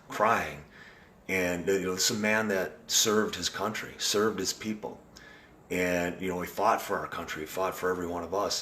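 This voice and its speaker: Casual live-stream host, male, low voice, rambling and earnest, faint background noise. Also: sharp tone. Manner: rambling, earnest, frequent restarts. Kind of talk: casual live video chat.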